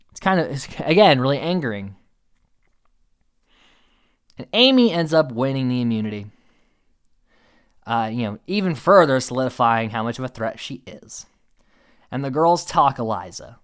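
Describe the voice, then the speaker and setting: Lively, chatty man recapping. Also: mid-range voice, normal speed, pauses often, clear, resonant tone. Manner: animated, chatty, laughs often. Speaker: show recap host. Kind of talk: casual recap commentary.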